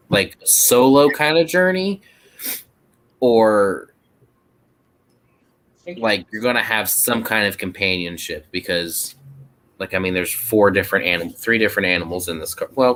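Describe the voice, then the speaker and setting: Man, co-host, casual tarot reading, rambling, hesitant, lowish voice. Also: fairly bright tone, rough recording. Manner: rambling, hesitant, full of "like" and self-corrections.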